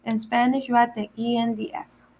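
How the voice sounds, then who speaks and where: A woman's voice: a little high, little pitch movement, a little mellow, rough recording. A woman teaching a children's Spanish vocabulary lesson, repeating each word and spelling it out letter by letter. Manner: repeats words slowly, spells them out letter by letter. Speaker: Spanish teacher for a day camp.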